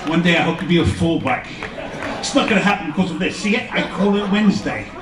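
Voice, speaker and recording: A man doing stand-up on a live stage, telling rambling, self-deprecating stories in a slightly high voice. He sounds a bit far from the mic in an echoey room. A laughing crowd can be heard behind him. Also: expressive, fast talker. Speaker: stand-up comedian. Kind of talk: stand-up comedy set. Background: audience laughter.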